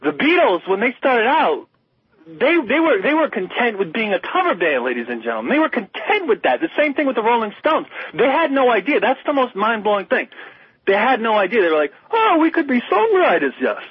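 A man's voice: high-pitched, sing-song, brisk, breathy edge, dry recording. A man co-hosting a radio talk show, chatting casually about music in an emphatic, rambling way with many restarts. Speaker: radio co-host. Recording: slightly muffled radio broadcast.

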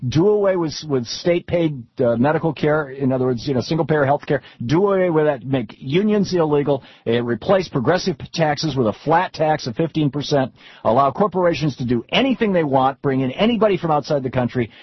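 A man's voice: a little high, lively intonation, brisk, breathy edge, no echo. A middle-aged man talking politics off the cuff, rambling with frequent restarts and repeated words as he tells stories to make his point. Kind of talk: unscripted political talk with anecdotes. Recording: dull lo-fi recording.

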